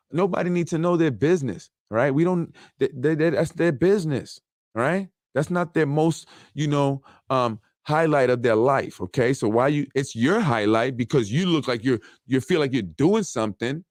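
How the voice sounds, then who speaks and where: A man giving a casual, blunt monologue on local politics, mocking officials and mimicking them in quick asides. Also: fairly low pitch, a little mellow, no room sound, clean studio sound.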